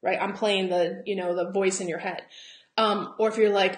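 A woman's voice: mid-range voice, steady tone, normal speed. A Southern American woman coaching travel agents in a chatty, encouraging live talk, often laughing and acting out quotes. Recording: roomy echo.

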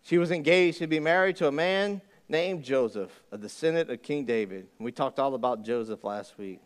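A man preaching a sermon as pastor, folksy and joking, with animated storytelling. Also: mid-range voice, moderate pace.

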